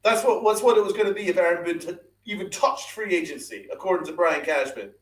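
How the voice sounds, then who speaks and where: A man's voice: high-pitched, fast talker, a bit bright, slight background noise. A man hosting a podcast, ranting angrily and swearing, repeating his points and firing rhetorical questions at his listeners. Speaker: podcast host. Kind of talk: angry sports rant with live chat.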